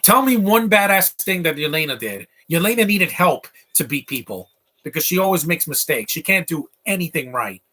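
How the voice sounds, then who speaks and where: A man's voice: on the high side, lively intonation, moderate pace, sharp tone. A man giving casual, rambling live commentary over a movie, opinionated and full of asides and fillers. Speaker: film commentator.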